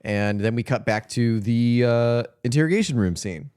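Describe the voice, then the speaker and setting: A man's voice: mid-range voice, normal speed, darkish tone, clean tone, no echo, clean studio sound. A man co-hosting a podcast, casually retelling film scenes with lots of filler words. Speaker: podcast co-host. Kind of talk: casual film recap chat.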